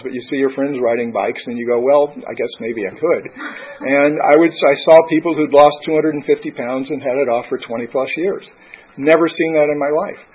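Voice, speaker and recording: A man's voice: mid-range voice, husky. A man giving a candid, conversational personal testimony at a recovery meeting. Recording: dull lo-fi recording.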